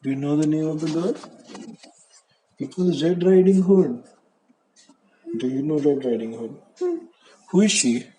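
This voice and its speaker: A man telling a bedtime story to a young child, gentle and asking the listener questions. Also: a little high, unhurried, pauses often, low-quality recording.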